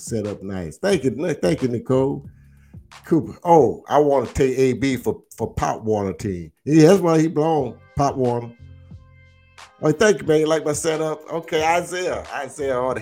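A man's voice: mid-range voice, moderate pace, soft background music. A man hosting a casual livestream, teasing and drawling as he talks football smack with viewers. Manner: animated, teasing, drawling, repeats himself. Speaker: livestream host.

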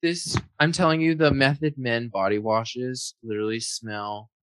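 A man in casual podcast banter who leans on "like" and restarts mid-thought. His voice is mid-pitched and dry, as if right on the mic. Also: fairly even intonation, normal speed, fairly bright tone, smooth, no echo. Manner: filler-heavy, says "like" a lot. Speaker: podcast co-host. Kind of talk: casual chat.

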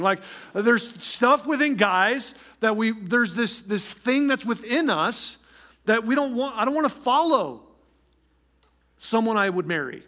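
A male pastor preaching a sermon in an energetic, emphatic way, often repeating phrases for stress. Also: very high voice, measured pace.

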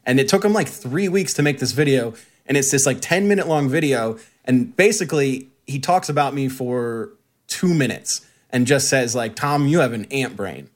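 A man's voice: medium pitch, lively intonation, normal speed. A man telling a mocking story in casual podcast chat, laughing often. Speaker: podcast co-host.

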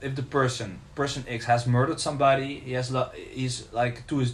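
A man's voice: mid-range voice, steady tone, fairly quick. A man co-hosting a podcast who challenges his partner's points in a casual debate, pressing with pointed questions. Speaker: podcast co-host.

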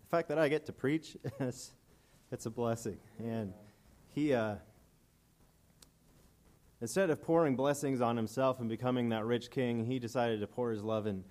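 A man's voice: medium pitch, normal speed, darkish tone. A man preaching a casual, earnest and emotional sermon, reading scripture aloud and commenting between passages.

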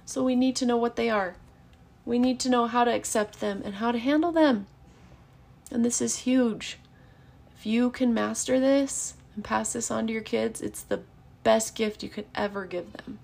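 Gravelly-voiced woman teaching parenting. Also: a little high, moderate pace. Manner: earnest and encouraging, acts out calm parent phrases. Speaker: parenting educator. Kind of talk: casual teaching monologue.

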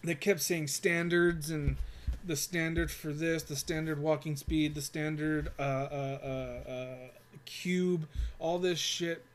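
A man's voice: fairly high pitch, fairly even intonation, slow. A young man telling a rambling, profanity-filled work story in casual chat, with lots of fillers.

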